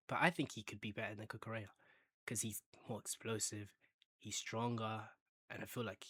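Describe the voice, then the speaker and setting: A man's voice: mid-range voice, no echo. Guy ranting about his team's players, hyped up and jokey, dry close sound. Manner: animated, banter-heavy, bursts of hype. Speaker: football fan channel host. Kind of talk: casual football chat.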